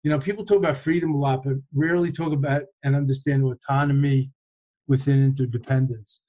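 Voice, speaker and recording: A man hosting a podcast, speaking in a thoughtful, unhurried conversational way with pauses and restarts. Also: mid-range voice, steady tone, warm tone. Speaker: podcast host and meditation teacher. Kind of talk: reflective conversational talk.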